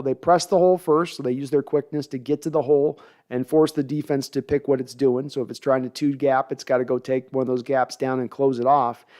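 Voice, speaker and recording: A man's voice: mid-range voice, clean tone. Chatty man breaking down football. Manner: conversational, analytical, thinks aloud with restarts. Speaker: podcast host. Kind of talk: live-stream sports talk, reading chat.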